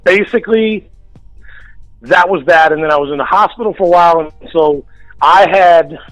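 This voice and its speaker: A man's voice: on the high side, normal speed, fairly bright tone, no echo, faint music behind, rough recording. A man telling a story in a casual radio interview, blunt and heavy on the profanity. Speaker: guest. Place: radio studio.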